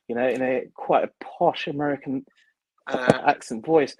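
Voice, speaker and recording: A man, a perfumer, telling a story in an interview, halting with many fillers and restarts. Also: medium pitch, steady tone, a little mellow, no room sound, low-quality recording.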